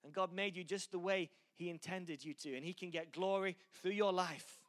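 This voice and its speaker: A man's voice: high voice, fairly even intonation, normal speed, a bit bright. A middle-aged male pastor with a mixed Yorkshire and American accent, preaching with self-deprecating humor and earnest encouragement. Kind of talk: sermon.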